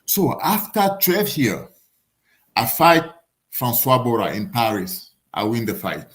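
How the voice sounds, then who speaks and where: A man in his forties from Africa, a boxer guest telling lively stories in broken English and acting out the voices of others. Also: medium pitch, takes it slowly. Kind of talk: casual storytelling.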